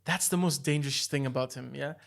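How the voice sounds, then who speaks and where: A man's voice: medium pitch, a little fast, gravelly. A man co-hosting a podcast in casual chat, telling stories with slang and lots of "bro" and "like". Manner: animated storyteller, slangy, says "bro" and "like". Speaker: podcast co-host.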